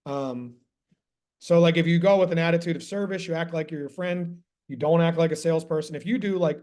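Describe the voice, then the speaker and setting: A man's voice: on the high side, a little fast. A man coaching on solar sales in a casual screen-share session, talking bluntly and swearing often. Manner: profane, blunt and animated.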